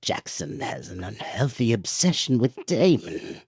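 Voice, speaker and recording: A man putting on the voice of a sinister old male galactic emperor, drawn out slow and low. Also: sing-song, gravelly, darkish tone, husky, dry recording, clean studio sound, full character voice.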